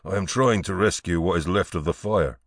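A man voicing a tired, patient medieval tanner in a plain low voice. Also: moderate pace, no echo, clean studio sound. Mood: weary. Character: weary medieval tanner, husband and father.

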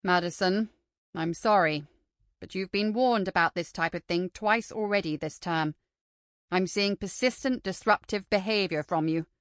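A woman's voice: lowish voice, moderate pace, no echo, studio quality, close to an everyday voice. A woman voicing a weary middle-aged male headmaster who speaks in a tired, resigned but firm way.

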